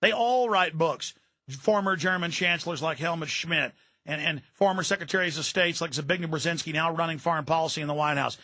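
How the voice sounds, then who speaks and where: A man's voice: on the high side, brisk, bright, forceful tone, no room sound. A man hosting a radio talk show, delivering an intense, ranting political monologue and repeating words when worked up. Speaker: radio host.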